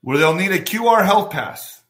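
A man reading news stories aloud and ranting about them in an excitable, sarcastic way, laughing at his own jokes. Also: sits high, normal speed. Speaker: political commentary vlogger.

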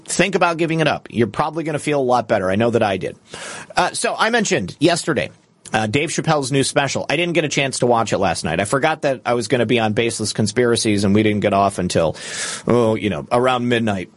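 A man's voice: medium pitch, no echo. A man hosting a live stream, chatting casually, rambling, and answering viewers' comments. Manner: rambling, conversational, reads chat comments aloud. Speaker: show host.

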